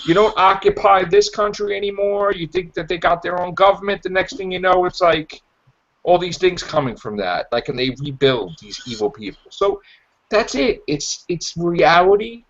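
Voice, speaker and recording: A man hosting a podcast in casual chat, rambling and acting out characters' lines in animated voices. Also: sits high, moderate pace. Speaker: podcast host. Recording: dull lo-fi podcast audio.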